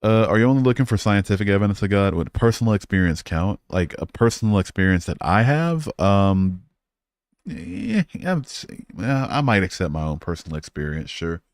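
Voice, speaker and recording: A man's voice: sits low, animated, brisk, hardly any pauses, no echo, clean studio sound. A man hosting a live stream, chatting casually and profanely while reading and answering comments. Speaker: livestream host.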